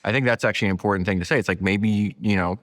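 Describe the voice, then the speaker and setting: A man's voice: lowish voice, rapid-fire. A man hosting a podcast, telling a story in a casual, emphatic way with plenty of fillers. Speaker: podcast host. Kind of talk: casual conversation.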